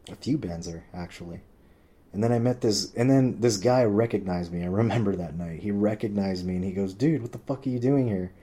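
A man telling a rambling personal story in casual chat, swearing often and acting out what others said. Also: mellow. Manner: rambling, swears a lot, heavy use of "like"; acts out quoted people with pitch jumps.

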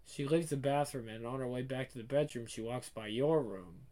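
A man tells a story in the second person, addressing the listener directly. His delivery is casual and conversational, at an ordinary pitch. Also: moderate pace, few pauses, mellow. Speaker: narrator.

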